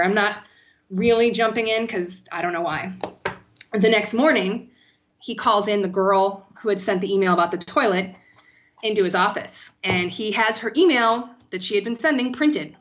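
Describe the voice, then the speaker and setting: Animated, profane woman telling stories. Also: medium pitch, moderate pace, lo-fi sound. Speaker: podcast guest. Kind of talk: casual storytelling.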